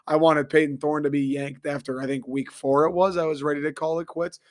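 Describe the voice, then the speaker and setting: A young man from Michigan, hoarse and a little raspy, ranting profanely and excitably as he hosts a casual sports talk show. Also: fairly high pitch, brisk. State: hoarse after a concert. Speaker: sports podcast host.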